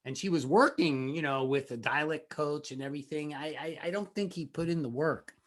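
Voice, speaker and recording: A man's voice: on the high side, a little fast. Man in his sixties telling stories. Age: 60s. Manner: anecdotal, acts out quoted dialogue. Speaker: film director, guest. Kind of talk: relaxed interview storytelling.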